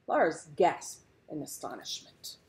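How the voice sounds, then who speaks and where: A woman reading a children's picture book aloud, expressive and measured. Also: sits low. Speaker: storyteller.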